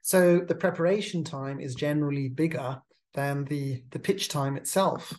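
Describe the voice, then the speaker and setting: A host giving a measured, advisory talk on pitching, often repeating words as they restart a phrase. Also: steady tone, darkish tone. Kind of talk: instructional monologue.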